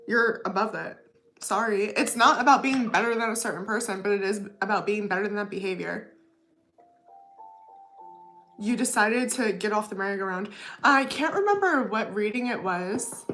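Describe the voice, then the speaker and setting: A woman's voice: mid-range voice, a bit bright. A woman giving a casual tarot reading to her viewers, chatty, often adding "okay?" and "you know what I mean?". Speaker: tarot reader.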